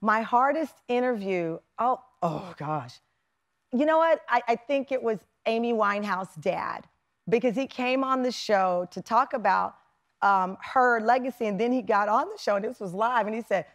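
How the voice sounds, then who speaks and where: A woman's voice: a little high, normal speed. A middle-aged woman hosting a talk show, chatting in an effusive, emphatic way and laughing often. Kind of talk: casual interview chat. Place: TV studio with live audience.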